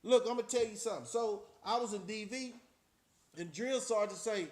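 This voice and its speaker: A middle-aged man with a notably high speaking voice, recounting his past in a loose, streetwise way. He swears freely and keeps turning to his viewers. His talk is casual and unscripted. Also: brisk. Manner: streetwise, profane, talks straight to the audience. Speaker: channel host.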